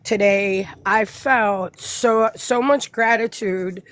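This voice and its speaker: A woman in casual group chat, unhurried and rambling, often restarting her thoughts, talking outdoors by her hen coop. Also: medium pitch.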